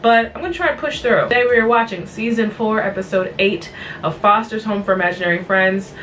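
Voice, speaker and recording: A woman's voice: medium pitch, fairly quick, fairly bright tone, distant mic, slight background noise, poor audio. A tired woman hosting a vlog, recapping a cartoon episode in a blunt, exasperated, rambling chat.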